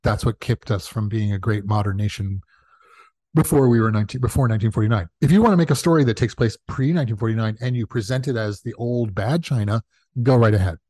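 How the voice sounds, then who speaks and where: Animated man telling stories. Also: on the low side, fast talker, dry recording, studio quality. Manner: animated, acts out quoted voices. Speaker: guest, comedy writer. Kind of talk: casual storytelling in conversation.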